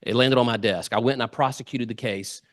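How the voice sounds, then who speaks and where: A middle-aged guest speaker in a club meeting room gives a funny storytelling speech, lively and anecdotal, acting out the quotes. His medium-pitched voice moves fast, and the sound is clean studio quality with no room sound.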